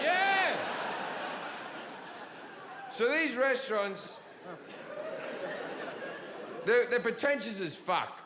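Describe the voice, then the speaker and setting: This male comic has a high, creaky voice and tells profane, ranting stories bluntly to a live crowd. The big venue echoes, and the audience can be heard laughing throughout the show.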